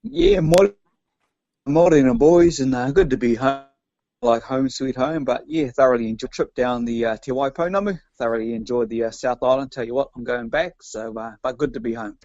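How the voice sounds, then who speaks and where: Co-host: gravelly New Zealand man, relaxed, muffled lo-fi sound. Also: medium pitch, normal speed, dry recording. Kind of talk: casual sports chat. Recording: dull lo-fi sound.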